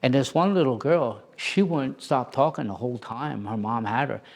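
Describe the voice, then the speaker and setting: A man who plays Santa, telling a casual anecdote in an animated way and acting out the voices of the people in it. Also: medium pitch, normal speed, vocal fry. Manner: animated, acts out quoted voices.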